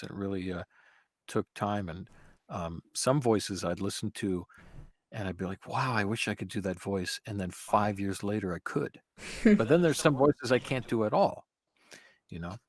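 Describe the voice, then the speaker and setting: A man speaking in a lower voice answers questions on a relaxed podcast. His delivery is animated and playful, swinging from loud, bright bursts to quiet muttered asides. The sound is dry and close. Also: moderate pace, dry recording. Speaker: guest voice actor. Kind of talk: casual podcast interview chat.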